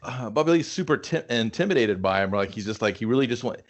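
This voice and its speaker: A man's voice: medium pitch, lively intonation, quick pace, muffled recording. A man co-hosting a casual movie review chat, laughing often and acting out characters. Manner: laughing, acts out characters in playful voices. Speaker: podcast co-host, movie reviewer.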